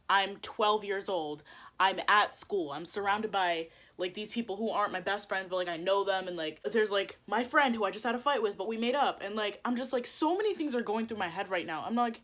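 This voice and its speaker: A woman's voice: medium pitch, moderate pace. Chatty young woman telling a storytime. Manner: animated storytelling, heavy use of "like", swearing. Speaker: vlogger. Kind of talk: storytime vlog, casual chat.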